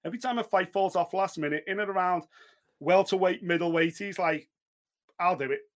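Podcast guy, high voice, lively and sweary, just chatting. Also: brisk. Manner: animated, sweary. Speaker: podcast co-host. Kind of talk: casual chat.

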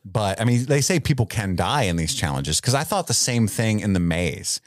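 A man's voice: fairly low pitch, very animated, moderate pace, dry recording, clean studio sound. A man co-hosting a podcast, chatting casually about a movie, joking and laughing a lot. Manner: jokey, laughs often, slips into goofy voices. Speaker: podcast co-host. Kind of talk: casual movie review chat.

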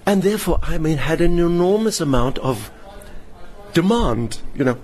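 In a hotel lounge with faint background room noise, an older man with a fairly high voice is interviewed. A satirist and performer, he talks at a normal speed, telling animated theatrical anecdotes full of lively, theatrical impressions of the people involved.

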